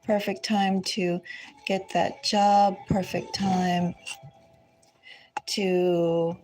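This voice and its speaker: A woman giving a casual tarot reading from home, chatty and unhurried, drifting into side remarks. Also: lowish voice, flat delivery, a little mellow, soft background music. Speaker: tarot reader. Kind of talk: casual spiritual reading chat.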